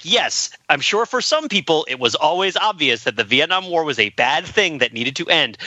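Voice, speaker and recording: A man co-hosting a casual film discussion podcast, animated and quick to laugh between points. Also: on the high side, dry recording. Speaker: podcast co-host.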